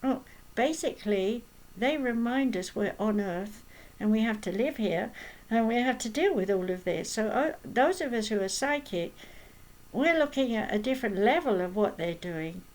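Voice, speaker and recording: A woman's voice: fairly high pitch, animated, normal speed, a little mellow, rough recording. A woman medium and healer talking casually, telling stories and tossing in rhetorical asides. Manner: chatty, storytelling, with rhetorical asides. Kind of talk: casual spoken talk.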